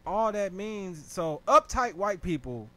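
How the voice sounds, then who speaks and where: A man's voice: sits high, unhurried. A man with an African American vernacular accent, co-hosting a podcast and arguing his point in casual debate. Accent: African American Vernacular English. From United States. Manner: animated, keeps cutting in to make his point. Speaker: podcast co-host.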